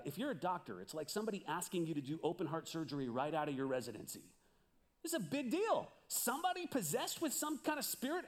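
A man preaching a sermon as pastor, animated and questioning his listeners. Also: a little high.

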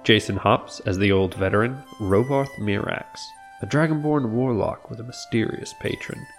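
A man's voice: on the low side, normal speed. A man reading a theatrical scripted introduction in a storyteller's manner, addressing the listener as a traveler. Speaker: show narrator. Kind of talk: scripted narration. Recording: music bed behind voice.

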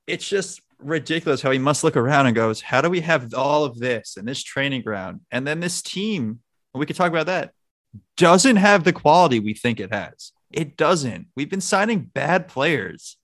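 A man co-hosting a casual football podcast, animated and jokey, swearing as he talks. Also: fairly high pitch, moderate pace, no echo. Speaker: podcast co-host. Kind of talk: casual sports chat.

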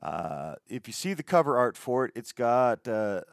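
A man's voice: medium pitch, big pitch swings, moderate pace, gravelly, no room sound, clean studio sound. A man hosting a music show, talking casually, stumbling over foreign words and swearing offhandedly. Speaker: radio show host.

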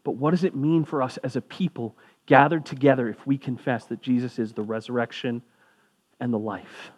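A man's voice: medium pitch, fairly even intonation, normal speed, a little mellow. A man preaching as a pastor, talking in a conversational way with asides, his voice rising for emphasis. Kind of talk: sermon.

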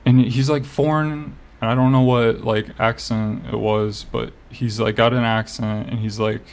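A man's voice: medium pitch, level tone, normal speed, a little mellow. A man telling a story in casual chat. He rambles, fills his talk with "like" and swears now and then.

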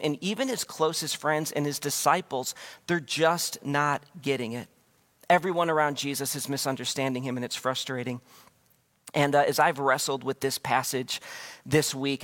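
A man's voice: a little high, fairly bright tone. A man preaching a sermon as pastor, talking conversationally and acting out the scriptures. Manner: conversational, acts out quotes.

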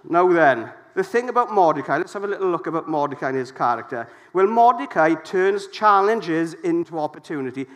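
A middle-aged man preaching a sermon, lively and jokey, putting questions to the congregation. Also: fairly high pitch, normal speed, hardly any pauses.

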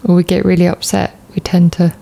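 A woman's voice: fairly low pitch, little pitch movement, a little fast, gravelly, warm tone. A British woman co-hosting a podcast, chatting casually in a playful, teasing way. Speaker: podcast co-host. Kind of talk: casual chat.

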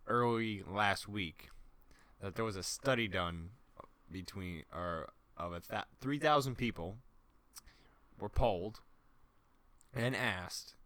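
A man in casual chat, telling a story in a deadpan way. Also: lowish voice, dry recording.

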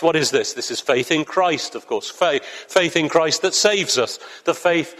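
A man's voice: on the high side, expressive, a little slow, few pauses, a bit bright. Earnest preacher man, echoing hall. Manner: earnest, building to fervent emphasis. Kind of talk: sermon. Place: church before a congregation. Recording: long hall reverb.

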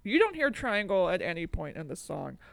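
A woman co-hosting a podcast, talking in an animated, rambling way and swearing freely. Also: on the low side, brisk, gravelly, no echo. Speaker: podcast co-host. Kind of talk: casual chat.

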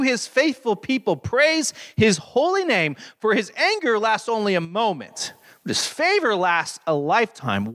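Male pastor, mid-pitched, earnest sermon delivery with emphatic scripture reading. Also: fairly bright tone.

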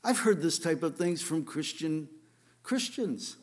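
A man preaching a sermon, reading scripture and expounding on it, swinging between loud rhetorical questions and quiet asides. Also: fairly high pitch, animated, a little slow. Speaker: pastor.

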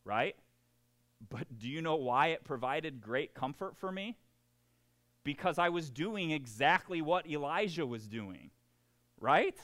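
A man's voice: a little high, animated, unhurried, pauses often, fairly bright tone. A man preaching a sermon, acting out quoted voices and laughing at himself. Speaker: pastor.

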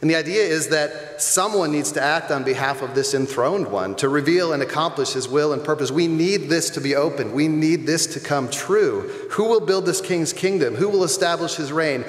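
A man's voice: fairly high pitch, moderate pace, few pauses. Man preaching in an echoey church. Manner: conversational, emphatic preaching with repeated phrases. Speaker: pastor. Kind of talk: sermon. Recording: echoey church hall with long reverb.

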